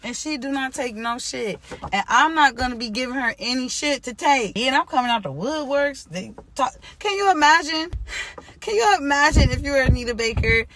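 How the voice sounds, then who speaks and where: A woman telling a storytime vlog about her music career, swinging from loud exclamations to quiet near-tearful murmuring. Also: high-pitched, animated, normal speed. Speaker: singer-songwriter.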